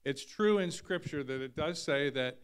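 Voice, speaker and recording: A man's voice: a little high, animated, moderate pace. A man leading a church service on a stage microphone, playful and teasing before moving to the offering. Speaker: pastor. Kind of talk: joking church talk. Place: church sanctuary.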